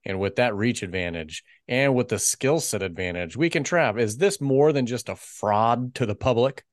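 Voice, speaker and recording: A man's voice: medium pitch, expressive, moderate pace, no echo, studio quality. A man co-hosting a casual podcast as its producer, teasing and sarcastic as he tosses questions to his partner. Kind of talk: casual chat.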